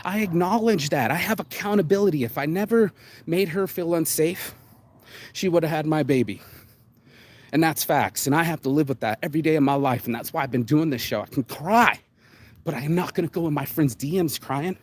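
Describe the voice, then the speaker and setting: A man hosting his own show, ranting bluntly in a solo monologue, swearing often and jumping suddenly up and down in pitch. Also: a little fast. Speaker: show host.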